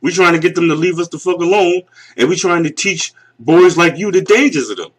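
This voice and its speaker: A man's voice: high-pitched, a little fast. Blunt mocking Northeastern man in his forties. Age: 40s. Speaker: YouTube commentator. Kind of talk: reaction rant.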